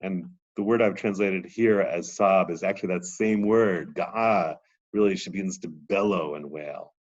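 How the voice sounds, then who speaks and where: A man's voice: deep voice, measured pace, highs cut off. A man lecturing on a text, reading passages aloud with rising drama and then explaining them.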